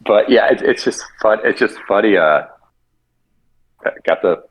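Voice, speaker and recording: A man co-hosting a casual podcast chat, with a fairly low voice. He talks in a wry, hesitant way, full of fillers and restarts. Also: measured pace, poor audio. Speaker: podcast co-host.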